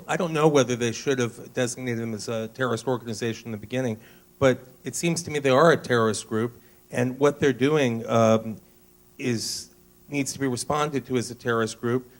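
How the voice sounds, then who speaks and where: A man's voice: mid-range voice, a little fast. A man answering as a candidate at a forum, hesitant with many ums. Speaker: congressional candidate.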